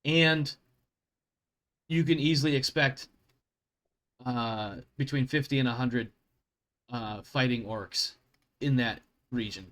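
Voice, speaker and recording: A man's voice: mid-range voice, slow pace, long pauses, a bit bright. A man narrating as game master of a tabletop role-playing game, rambling and correcting himself and swearing at his slips.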